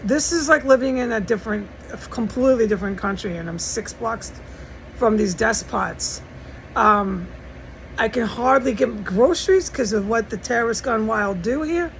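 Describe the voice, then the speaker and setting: A woman's voice: a little high, lively intonation, normal speed, slight background noise, rough recording. An American woman in an agitated, profane, rambling monologue, talking from inside a house. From United States. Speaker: vlogger. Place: indoors in a house.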